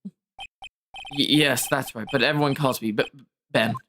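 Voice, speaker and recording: A woman's voice: very deep voice, fairly even intonation, unhurried, fairly bright tone, slight background noise, pitched below the performer's own voice. A woman voicing a timid, stammering young male ventriloquist. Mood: nervous. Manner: nervous stutter, trailing off.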